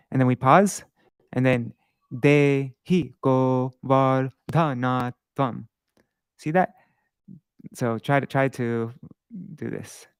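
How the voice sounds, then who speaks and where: Gravelly man teaching verse meter. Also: medium pitch, no room sound, clean studio sound. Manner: patient, halting, thinks aloud with many restarts; chants syllable patterns slowly to demonstrate. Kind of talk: live-streamed casual lesson.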